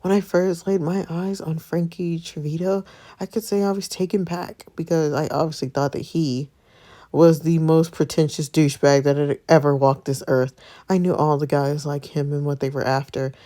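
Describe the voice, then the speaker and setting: A woman's voice: low voice, flat delivery, moderate pace, dark tone, close to an everyday voice. A woman reading as a wry young narrator. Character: young woman narrating her romance, wary.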